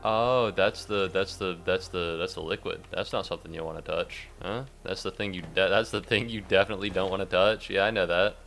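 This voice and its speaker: A man's voice: low-pitched, fairly even intonation, fairly quick, creaky, few pauses, fairly bright tone, faint music behind. A young man streaming a game, rambling and sarcastic, swearing a lot and yelping suddenly at the game. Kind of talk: casual gameplay commentary.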